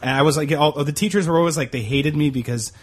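A man's voice: fairly high pitch, fast talker. A man co-hosting a casual comedy podcast, rambling in a laid-back way. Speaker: podcast co-host. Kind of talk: casual chat.

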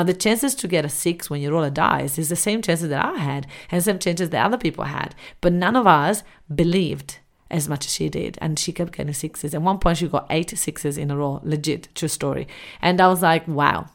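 A middle-aged woman with a low voice and a gravelly edge speaks straight to her listeners as a business coach. She talks casually and with plenty of energy, jumping up into the voices of her own past reactions. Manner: animated, acts out her own reactions in quotes. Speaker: business coach and podcast host. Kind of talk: casual monologue.

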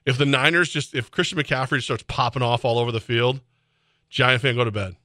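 A man hosting sports radio, talking animatedly with laughs and sudden shouts, reading ads in a studio. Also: mid-range voice, steady tone, fairly quick, no room sound. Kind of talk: casual sports radio banter with live ad reads. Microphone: close studio mic.

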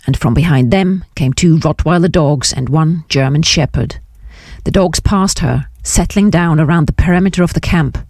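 A woman narrating a novel in a measured, descriptive audiobook reading. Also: sits low, darkish tone, dry recording, studio quality. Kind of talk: scripted narration.

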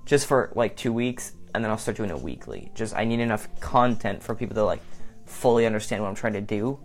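A man's voice: lowish voice, animated, brisk, soft background music. A man talking on his own in a casual vlog, rambling between topics, swearing, and often saying "like.". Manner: rambling and self-mocking, swearing, frequent "like". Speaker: vlogger. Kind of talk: casual solo monologue.

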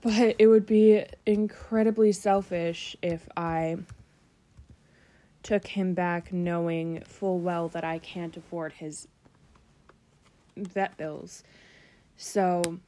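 A woman hosting her podcast in a groggy morning voice, talking slowly and sorrowfully with many pauses and ums. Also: lowish voice, steady tone, warm tone. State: groggy morning voice, just woken up. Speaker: podcast host. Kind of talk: casual solo podcast talk.

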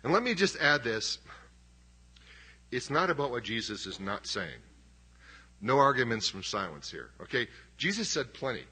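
A man's voice: mid-range voice, big pitch swings, normal speed, pauses often, bright, forceful tone, slightly rough. A middle-aged man preaching a sermon as pastor, conversational and emphatic, with self-deprecating humor.

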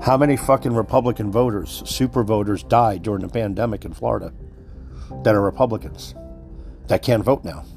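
A man's voice: on the low side, fairly quick, creaky, a little mellow, soft background music. A man giving a heated, profane monologue, worked up and repeating himself as he speaks to his listeners. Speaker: commentator. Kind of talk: profane conspiracy rant.

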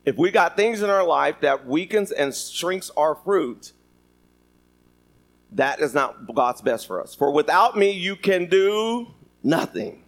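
A man's voice: fairly high pitch, sing-song, takes it slowly, creaky. A man preaching a sermon, reading scripture and joking with the congregation. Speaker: pastor. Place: church sanctuary.

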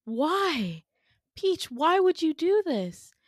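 A hurt, earnest young woman leads her pack with a raised, emphatic voice, played by a woman retelling a dream. Her pitch sits above normal and the room is dry. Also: big pitch swings, drawn-out words, no room sound, heavily acted.

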